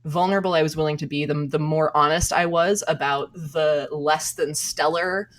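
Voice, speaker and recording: A woman's voice: deep voice, fairly even intonation, moderate pace. A woman cartoonist as a podcast guest, talking candidly and thoughtfully about her work. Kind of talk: reflective interview talk.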